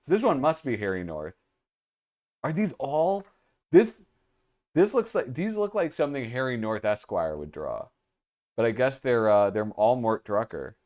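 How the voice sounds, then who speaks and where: Sleepy guy rambling through some old pages, kinda low voice, lots of ums. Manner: rambling, hesitant with many fillers. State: sleepy, yawning. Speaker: host. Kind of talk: casual commentary.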